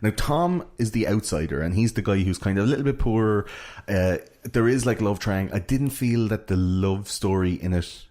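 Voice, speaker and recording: A man hosting a podcast and chatting casually about a film, talking haltingly with many restarts and fillers. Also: fairly low pitch. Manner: halting, many restarts and fillers, animated when retelling scenes. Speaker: podcast host.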